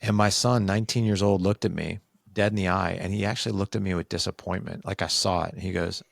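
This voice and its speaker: A man in his forties speaks in a low, creaky voice at a quick pace, a podcast guest telling a candid family story in casual conversation. He is animated and acts out the dialogue people said. The recording is dry, with clean studio sound.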